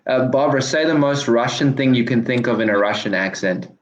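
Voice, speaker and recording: A man interviewing a guest with quick casual questions, often starting with a hesitant filler. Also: mid-range voice. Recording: echoey room.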